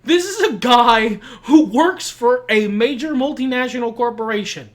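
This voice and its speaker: A woman's voice: a little high, normal speed. A woman co-hosting a podcast, ranting emphatically about a film in casual chat and swearing freely. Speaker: podcast co-host.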